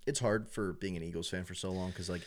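Deep-voiced young man rambling about sports. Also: fast, a little hiss or hum. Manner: rambling, heavy use of filler words; animated when acting out announcers and fans. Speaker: sports fan. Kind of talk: casual chat.

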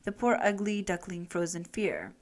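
A woman's voice: on the low side, very animated, normal speed. Woman reading a children's story.

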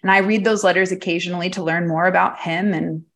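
A woman's voice: lowish voice, fairly even intonation, fast, a bit bright. A woman from Texas telling her story as an interview guest, in a casual, candid way, full of "like" and easy laughs, with the odd swear word. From Texas, USA. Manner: chatty, filler-heavy, frequent laughs; candid, uses swear words freely. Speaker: guest, psychic medium.

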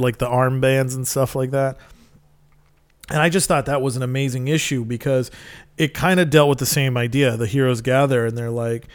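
A man's voice: mid-range voice, clear, resonant tone, dry recording. A man telling stories in casual chat, rambling and enthusiastic with plenty of fillers.

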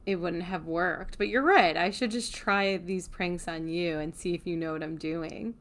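A woman's voice: on the low side, normal speed. A woman co-hosting a casual chat show, amused and laughing easily. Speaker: podcast co-host.

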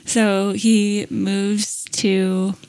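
A woman's voice: medium pitch, very slow, no room sound. Chatty woman telling a story, dry sound. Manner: animated storyteller, acts out quotes, many fillers. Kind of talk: casual storytelling chat.

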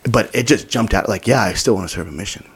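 A man from Utah, a podcast guest, telling a personal story in a casual, animated way, acting out quoted dialogue. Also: on the low side, fast, husky. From Utah, United States.

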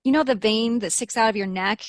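A woman's voice: a little high, a little fast, dry recording. Candid woman recounting, dry close sound. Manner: candid, emotional retelling with blunt swearing and quoted asides. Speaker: interviewee. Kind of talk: personal account in an interview.

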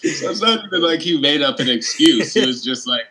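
A man's voice: on the high side, lively intonation, fairly quick, bright, forceful tone, poor audio. A young man co-hosting a casual podcast, cracking dry, wry jokes. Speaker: podcast co-host. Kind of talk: casual chat.

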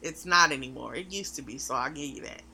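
A woman co-hosting a podcast in casual chat, emphatic and animated. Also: rumbling low, vocal fry, slight background noise. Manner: animated, emphatic, drawn-out pauses. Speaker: podcast co-host.

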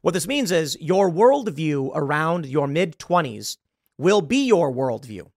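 A man delivers an opinion monologue in a lively, up-and-down voice with a gravelly edge. His tone is lecturing and sarcastic. The sound is dry and close. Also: fairly high pitch, measured pace, no room sound. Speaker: political commentary host.

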